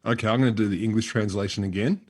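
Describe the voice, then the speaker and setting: A man co-hosting a casual podcast, sardonic and wisecracking, and quick to swear. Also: lowish voice, a little mellow. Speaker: podcast co-host.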